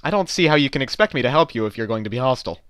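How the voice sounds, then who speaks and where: A man voicing an officious, unhelpful female DMV clerk in a radio-play style, with a deadpan, condescending way of speaking. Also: medium pitch, racing, clear, resonant tone, no echo, studio quality, close to an everyday voice. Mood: smug bureaucratic. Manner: deadpan, pedantic, coolly condescending. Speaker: voice actor. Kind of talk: amateur voice-over radio-play acting.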